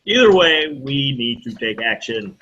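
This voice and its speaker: A man's voice: medium pitch, very animated, a little slow, pushed and bright. A man co-hosting a casual geek news chat, joking crudely and laughing often between headlines. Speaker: co-host. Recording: lo-fi with faint noise.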